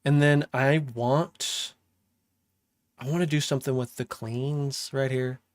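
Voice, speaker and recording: A young man chatting casually on a livestream as he makes music, slangy and relaxed, often laughing. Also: mid-range voice, slow, no room sound, clean studio sound. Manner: laid-back, slangy, laughs often, talks while working. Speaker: music producer streaming. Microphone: studio microphone.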